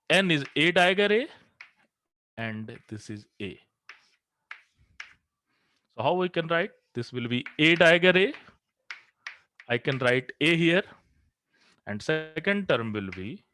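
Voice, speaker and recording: Lively, bright-voiced male physics lecturer. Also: on the high side. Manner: talks through equations step by step, asks the class questions and answers them himself. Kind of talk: classroom lecture.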